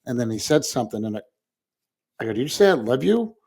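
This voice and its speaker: A grieving man, co-host of a talk show, telling a personal story in casual conversation, halting and restarting, with soft laughs. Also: medium pitch, very animated, slightly rough. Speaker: podcast co-host.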